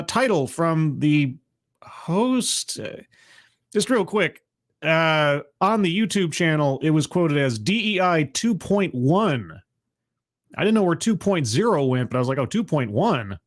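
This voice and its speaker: A man hosting a casual livestream, chatty and sardonic, greeting viewers by name, his voice not quite warmed up yet. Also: fairly high pitch. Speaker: livestream host.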